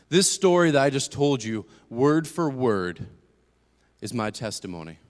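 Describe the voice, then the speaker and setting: A young man giving a personal testimony as a church speaker, moving between hushed and emphatic storytelling. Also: mid-range voice. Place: church sanctuary. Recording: long hall reverb.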